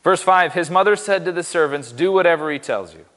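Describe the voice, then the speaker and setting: A man's voice: on the high side, animated, fairly quick, a bit bright, long reverb tail. A man giving a casual, upbeat sermon in a church, joking and poking fun at himself. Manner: upbeat, joking, self-deprecating. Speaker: pastor.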